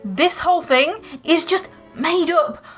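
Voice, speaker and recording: A woman's voice: very high-pitched, animated, slow pace, soft background music. A young woman giving chatty, emotional commentary over gameplay, gasping and exclaiming as she plays. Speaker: Sims let's play creator.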